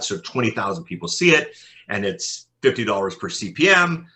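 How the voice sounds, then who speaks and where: A man, a podcast consultant, telling animated anecdotes in an interview, often repeating his words as he goes. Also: fairly low pitch. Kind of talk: interview storytelling.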